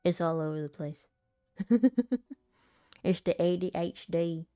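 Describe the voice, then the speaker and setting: A woman chatting casually between rehearsal takes, rambling and poking fun at herself with frequent laughs. Her voice sits low and unhurried. The recording is dry, with faint music in the background. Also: little pitch movement, mellow, clean tone, dry recording. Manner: rambling, self-deprecating, laughs often. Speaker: voice actor and content creator. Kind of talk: casual chat while rehearsing.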